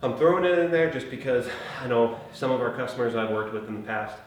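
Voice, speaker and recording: A man coaching a workout in a relaxed, chatty way. He is out of breath and huffing between phrases as he explains the exercise modifications. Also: mid-range voice, fast talker, lo-fi sound. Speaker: fitness trainer. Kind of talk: casual workout instruction. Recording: very echoey room, mic at a distance, faint noise.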